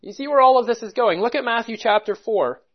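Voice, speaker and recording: A medium-pitched preacher speaks a little fast as he walks through Bible verses one at a time. He stresses key words in a deliberate, emphatic way, and the recording quality is dull and lo-fi.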